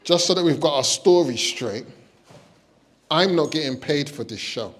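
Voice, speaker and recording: A man doing a stand-up comedy set, deadpan setups with loud high punchlines. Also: moderate pace. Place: stage before a live audience.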